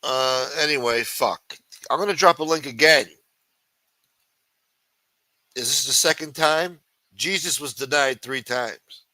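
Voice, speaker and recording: A mid-range male voice at a moderate pace, with no room sound, belongs to a livestream host. Swearing nonstop in a profane live chat rant, he taunts loudly and then mutters as he replies to viewers, alternating shouts and mutters.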